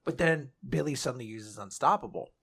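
A man retells a story in a casual, animated way, often slipping into characters. His voice is gravelly with a bright, forceful edge. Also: mid-range voice, fairly quick.

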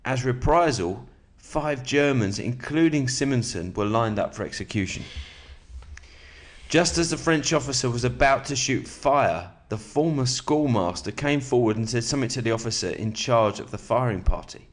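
A man with a slightly sore throat, hosting a podcast in a relaxed, matey way and reading aloud from a book at an even, measured pace. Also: mid-range voice. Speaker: podcast host.

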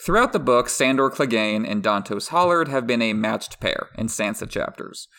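A man co-hosting a podcast, reading prepared literary analysis in a measured way. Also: mid-range voice, sing-song, fairly bright tone. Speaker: podcast co-host.

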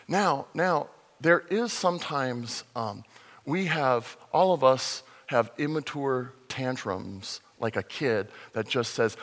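A man preaching a conversational sermon as a pastor, animated and sometimes acting out the voices in the story. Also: medium pitch, slow, in a large hall. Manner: conversational, animated, acts out voices in his retelling.

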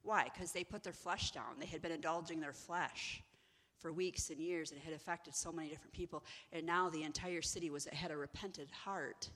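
Woman preaching about fasting, lively storyteller, sharp bright tone, long reverb around her. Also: sits low. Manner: animated storytelling, acts out the people in the stories. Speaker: ministry executive director. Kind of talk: inspirational teaching talk.

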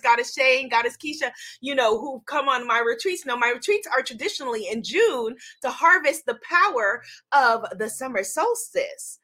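A woman with a high, bright voice hosts a casual livestream, chatting straight to her viewers. She talks in an excitable, gushing way. Her tone stays sharp and lively. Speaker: livestream host unboxing a tarot deck.

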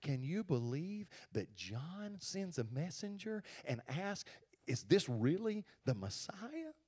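A man voicing a gossiping churchgoer who mutters scornfully in a hushed, half-whispered voice. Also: a little high, big pitch swings, slow, breathy edge, heavily acted. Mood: whispering scorn.

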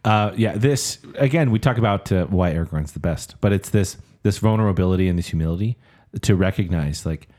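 A man's voice: low-pitched, fairly quick, few pauses, darkish tone. A man co-hosting a casual podcast chat, enthusiastic and reciting film speeches with feeling. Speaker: podcast co-host.

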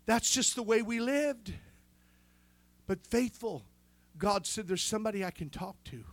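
A man's voice: sits high, lively intonation, a little slow, no room sound. A man preaching a sermon with fervor, breaking in with calls of amen and restarting his sentences as he tells a story. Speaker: pastor.

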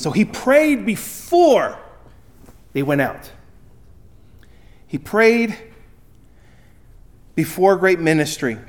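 High-voiced man preaching a sermon. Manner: emphatic preaching, swings between loud and quiet. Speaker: pastor.

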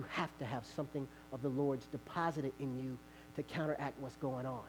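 A male pastor preaching a sermon, telling a lively personal story, acting out the voices of others and laughing often. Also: medium pitch, a little fast, a little hiss or hum, poor audio.

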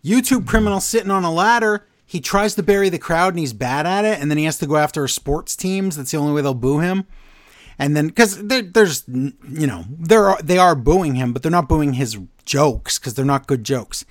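This podcast co-host recaps wrestling in casual conversation, dropping sarcastic, exasperated asides. His voice sits on the high side and moves at a normal speed, captured in a dry, studio-quality recording.

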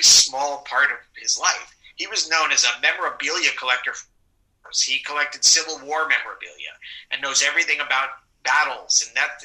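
A man's voice: on the high side, bright, forceful tone, poor audio. A man with a New York accent, an actor telling rambling, self-correcting stories in a casual interview. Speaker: actor guest.

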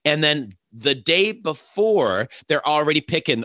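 A man's voice: a little high, big pitch swings, unhurried, few pauses, bright, forceful tone, no echo, clean studio sound. A man hosting a casual podcast chat, joking and swearing freely, his throat congested with phlegm. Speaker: podcast host.

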